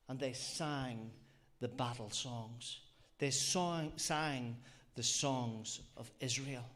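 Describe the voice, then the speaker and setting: A man's voice: mid-range voice, takes it slowly, a bit bright. A man preaching a sermon, earnest and reflective, often repeating phrases and asking rhetorical questions. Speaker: lay preacher.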